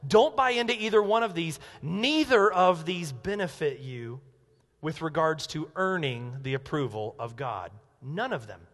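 A man with a high-pitched voice preaches a sermon, animated and emphatic, dropping low and then rising to loud declarations. His voice carries a long reverb from a church sanctuary. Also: measured pace. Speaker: pastor.

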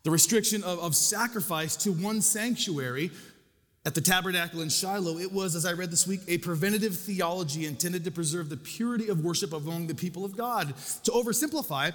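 A man's voice: sits high, fairly quick, a bit bright, long reverb tail. A male pastor preaching a sermon, conversational and self-deprecating, with casual asides to the congregation.

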